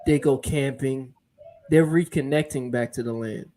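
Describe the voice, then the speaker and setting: A man's voice: medium pitch, moderate pace, a crowd in the background. Earnest man lecturing in casual chat. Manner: earnest, lecturing, often asks "you get what I'm saying?". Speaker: podcast co-host.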